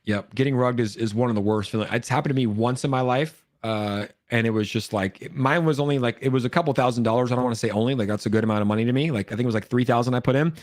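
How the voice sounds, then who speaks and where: Fast-talking man hosting a live stream. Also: mid-range voice, dry recording. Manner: fast, animated, frequent "like" fillers. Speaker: livestream host. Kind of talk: casual chat. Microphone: streaming mic with voice effects board.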